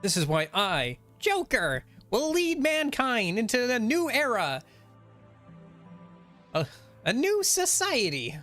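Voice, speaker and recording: A man's voice: very high-pitched, huge pitch swings, takes it slowly, long pauses, pushed and bright, faint music behind, voice pushed up, exaggerated voice. A man reading aloud the lines of a grandiose masked male villain, proclaiming in a theatrical way.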